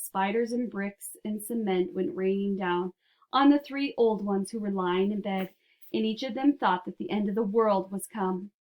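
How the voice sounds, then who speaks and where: A woman narrating a children's storybook aloud in a steady, clear way. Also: medium pitch.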